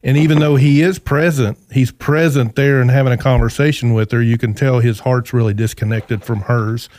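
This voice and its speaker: A man co-hosts a podcast, speaking earnestly and pausing often. His mid-pitched voice is recorded dry. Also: fairly even intonation, darkish tone, dry recording. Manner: earnest, halting, with fillers. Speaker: podcast co-host. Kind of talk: casual studio chat.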